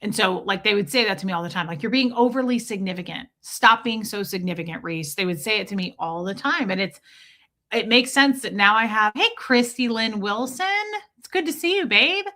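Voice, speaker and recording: A woman's voice: mid-range voice, lively intonation, brisk, bright, forceful tone. A woman hosting a casual livestream, talking to viewers in a chatty, rambling way with many restarts. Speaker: YouTube livestream host. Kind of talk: casual livestream chat, reading viewer comments.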